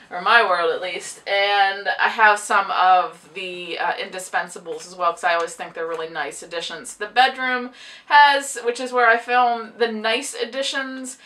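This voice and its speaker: A woman with a mid-range, pushed and bright voice, recorded from a distance, chats casually to camera about her books. A book vlogger who teaches a book publishing class, she rambles and laughs often while chewing gum with audible clicking.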